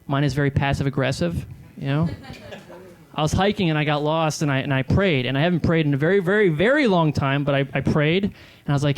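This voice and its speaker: Hesitant young man doing stand-up. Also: a little high. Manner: halting, filler-heavy, hesitant delivery. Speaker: stand-up comedian. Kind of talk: stand-up comedy. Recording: live stand-up with audience laughter.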